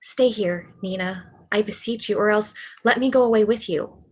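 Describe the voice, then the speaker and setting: Woman doing a heartbroken young guy writer, husky and breathy, begging and earnest, zoom read. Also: medium pitch, normal speed, lightly acted. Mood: pleading. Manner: pleading, earnest delivery. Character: young male writer, lovesick and despairing. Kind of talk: cold reading over video call. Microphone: computer mic on a video call.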